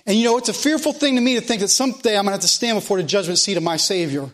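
A middle-aged male pastor preaching a sermon in church, emphatic and repetitive, slowing and rising at his climaxes. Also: sits high, fairly bright tone. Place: church sanctuary.

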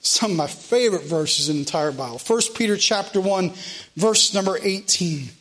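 A man's voice: high-pitched, moderate pace, a bit bright. A man preaching a church sermon and leading prayer, with a fervent, repetitive cadence.

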